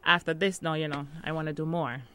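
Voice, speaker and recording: A woman's voice: low voice, steady tone, fast, bright, forceful tone, a little hiss or hum. Chatty Jamaican woman, laughing often. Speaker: interviewee. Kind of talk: casual interview.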